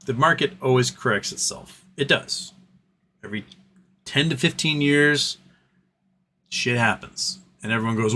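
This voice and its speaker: A man's voice: medium pitch, measured pace, long pauses, pushed and bright. Guy doing a livestream, rambly and earnest, lots of restarts, faint hiss behind him. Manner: rambling and earnest, many restarts, swears casually. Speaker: livestream host reading chat. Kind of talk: casual livestream chat.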